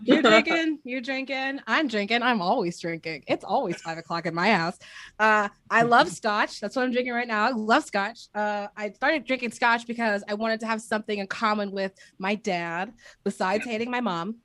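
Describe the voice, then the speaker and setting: A young woman from East Oakland doing a stand-up set over a video call, with a crisp announcer-like voice and deadpan delivery. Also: medium pitch, moderate pace, dry recording. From East Oakland, California. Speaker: stand-up comedian.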